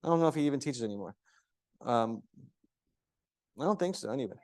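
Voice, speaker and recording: In an echoing room, a man with a mid-range voice leads a group of yoga teacher trainees at a brisk clip. He's lively, demonstrating different tones of voice and quizzing the students as he goes.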